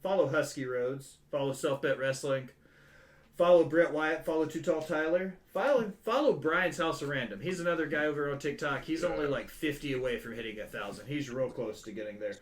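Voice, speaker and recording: A man hosting a wrestling podcast, joking and rattling off shout-outs. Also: a little high. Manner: joking, rapid shout-out lists. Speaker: podcast host. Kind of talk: casual podcast chat.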